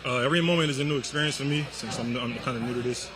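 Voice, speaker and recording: A man answering post-game questions, calm and modest, in short replies. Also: mid-range voice, very fast, crowd noise. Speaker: basketball player.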